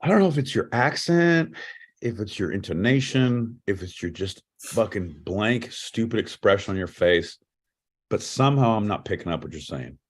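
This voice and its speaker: Male podcast co-host, husky, animated and profane, teasing banter. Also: lowish voice, moderate pace. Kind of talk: casual comedic banter.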